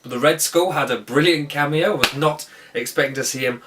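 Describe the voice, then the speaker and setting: A man's voice: a little high, brisk, recorded from a distance, background noise. A man giving a casual, enthusiastic film review, rambling and often correcting himself mid-sentence. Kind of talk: casual spoken movie review.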